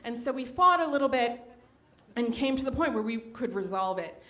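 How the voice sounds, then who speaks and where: A woman in her late twenties, speaking expressively at a moderate pace in a fairly bright tone, tells a personal story at a live storytelling event. She's conversational, uses many fillers, and acts out quotes with large pitch leaps.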